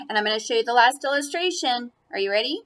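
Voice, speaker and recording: A woman reading a picture book aloud to children, animated and playful, with chatty asides about the pictures. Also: fairly high pitch. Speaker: storybook reader.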